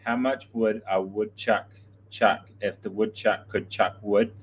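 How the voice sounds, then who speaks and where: A man's voice: fairly low pitch, fairly even intonation, unhurried, slight background noise. A man co-hosting a casual morning livestream, laid-back, mumbling a little and chuckling at himself. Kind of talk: casual chat.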